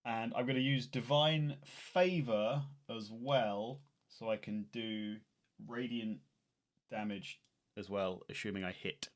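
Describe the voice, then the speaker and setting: A man playing a tabletop game, animated and joking, often talking over himself. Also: lowish voice, takes it slowly, slight background noise. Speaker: player. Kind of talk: casual chat during a tabletop game.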